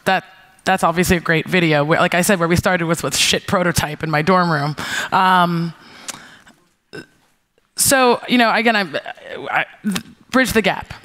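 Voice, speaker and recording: Bright, crisp-voiced woman telling stories. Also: lowish voice. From New York, USA. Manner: lively, swearing, acts out her own quoted retorts. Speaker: keynote speaker, founder. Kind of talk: conference talk, storytelling. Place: stage before an audience.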